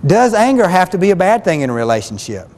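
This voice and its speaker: A man's voice: high-pitched, big pitch swings, fast, a little mellow. Man teaching, in a long-echo hall. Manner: earnest, plain-spoken, repeats phrases. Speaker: relationship counselor. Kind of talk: spoken self-help lesson.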